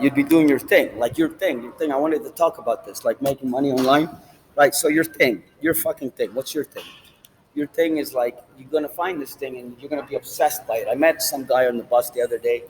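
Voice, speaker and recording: A man's voice: mid-range voice, a little hiss or hum, low-quality recording. A man vlogging in a rambling, casual monologue, swearing often and jumping between topics. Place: outdoors, standing, smoking a cigar.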